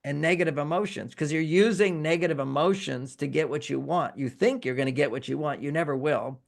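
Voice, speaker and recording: Male relationship-expert guest, raised pitch, gravelly, lively interview explainer. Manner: animated, acts out example phrases in quotes.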